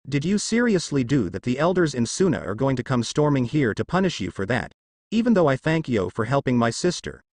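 A man voicing a young woman ninja who shouts in alarm. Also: mid-range voice, big pitch swings, brisk, no room sound. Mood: shocked.

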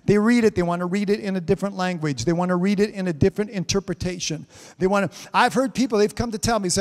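High-voiced man preaching with fervor. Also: quick pace. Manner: fervent, peppered with amens and hallelujahs. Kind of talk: live-streamed sermon. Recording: reverberant hall sound.

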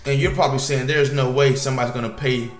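A man casually commenting while playing a video game, slangy and animated, with sudden loud outbursts. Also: mid-range voice, fast talker, echoey room, soft background music. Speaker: gaming YouTuber.

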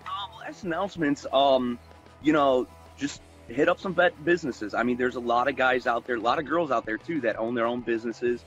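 A man's voice: medium pitch, fairly quick, a bit bright, muffled recording, soft background music. A man speaking on a radio roundtable, loose and rambling with lots of filler words. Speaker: panelist. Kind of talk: casual roundtable radio chat.

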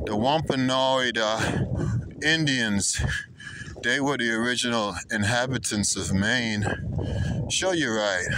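Middle-aged Jamaican-born man, Jamaican-American accent, relaxed outdoor ride vlog, drawling pace. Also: mid-range voice, background noise. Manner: rambling, greets passersby. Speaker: vlogger. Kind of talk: casual talk while cycling. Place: outdoors in a park on a bicycle.

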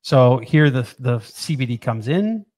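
A man of ordinary middle pitch walks a listener through a technical drawing in a loose, talkative way. He repeats words for effect and slips in playful asides. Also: animated, measured pace, a little mellow. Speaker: presenter explaining equipment. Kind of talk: casual technical explanation over drawings.

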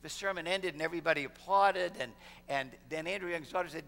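A man's voice: a little high, fast talker, gravelly, a bit bright. A middle-aged man preaching a sermon as pastor, telling a story and building to a fervent close. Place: church sanctuary. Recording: long hall reverb in a church sanctuary.

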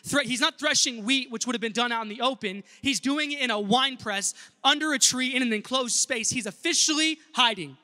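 Very high, bright-voiced male pastor preaching. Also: brisk, hardly any pauses, long reverb tail. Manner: earnest preaching, addresses the congregation directly. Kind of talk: sermon. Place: church sanctuary.

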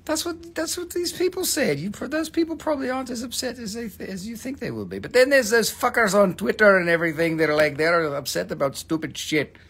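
A man's voice: sits high, animated, fast, few pauses, a bit bright, slightly rough. A man casually hosting a live mineral sales stream, swearing and joking as he rambles. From Appalachian Valley, USA.

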